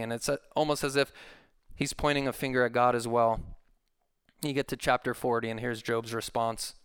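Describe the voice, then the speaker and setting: A male pastor delivering a sermon in an earnest preaching manner, his voice climbing as he quotes scripture. His voice is very smooth and resonant. The sound is close and dry, with almost no room around it. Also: mid-range voice, level tone, normal speed, fairly bright tone, no room sound. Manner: earnest preaching, rising when quoting scripture.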